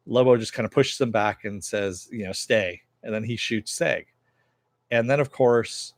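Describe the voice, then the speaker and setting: Low-voiced man rambling through a recap. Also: dry recording. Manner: rambling, frequent fillers and swearing. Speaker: TV episode reviewer. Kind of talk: casual episode recap.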